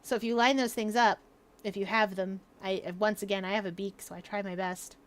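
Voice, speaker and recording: A woman's voice: mid-range voice, steady tone, fairly quick. A young woman streaming from home, chatting casually and explaining things at length, laughing often. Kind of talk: casual livestream chat.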